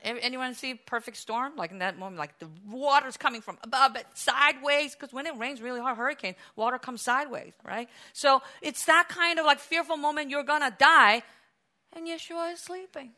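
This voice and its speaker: A woman preaches a sermon in a high, bright voice. She tells the story with lively energy, acts out the voices in it, and now and then breaks into shouts. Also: fairly quick, hardly any pauses.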